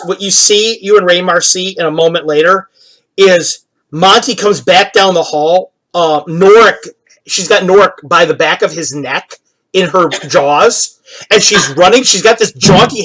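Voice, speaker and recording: A man narrating a tabletop game as dungeon master, in a relaxed, rambling way full of fillers. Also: sits high.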